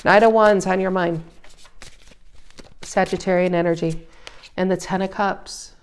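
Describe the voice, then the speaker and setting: A woman giving a casual tarot reading, emphatic and animated, her voice rising loud and dropping soft. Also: on the low side, unhurried, clear, resonant tone. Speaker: tarot reader.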